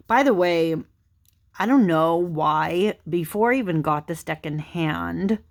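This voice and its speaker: Her voice is low-pitched and creaky: a young tarot channel host casually flipping through a deck of cards. She rambles with many fillers, giggles, and yawns, tired late at night.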